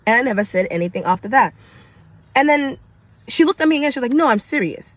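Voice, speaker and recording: A young woman from Kenya, a nurse, telling a personal story to camera in an animated, emphatic way, with repetition and vocal sound effects. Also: high voice, fast, no echo, low-quality recording. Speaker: nurse sharing her story.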